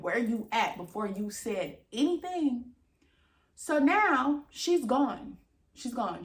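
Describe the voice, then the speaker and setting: In an echoey room, a young female vlogger with a fairly high-pitched voice casually relates something that clearly annoyed her. She performs the quoted lines herself and curses freely, animated and exasperated throughout.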